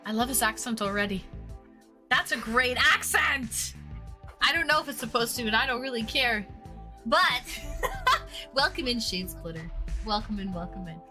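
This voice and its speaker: A woman's voice: a little high, expressive, moderate pace, bright, forceful tone, faint music behind. A woman hosting a live stream, chatting playfully and teasing her chat. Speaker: streamer hosting online dates.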